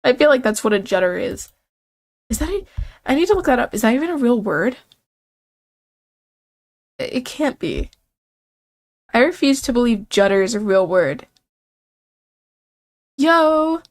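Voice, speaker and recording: A young woman streamer giving playful, excitable casual commentary while playing a dating game. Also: a little high, a little slow, pauses often.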